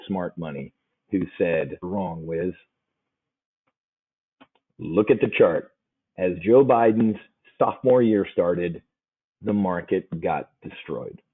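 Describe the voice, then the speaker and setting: A man hosting a live options trading show, talking to viewers in a brash, excitable way with quick asides. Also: fairly low pitch, breathy edge. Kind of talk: live market commentary to viewers. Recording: phone-like narrow sound.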